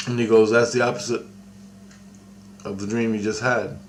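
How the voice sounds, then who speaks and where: A man's voice: mid-range voice, moderate pace, long pauses, a little hiss or hum. A man telling a long rambling story in casual talk, often restarting and acting out both sides of a conversation. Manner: rambling, with many restarts and quoted dialogue.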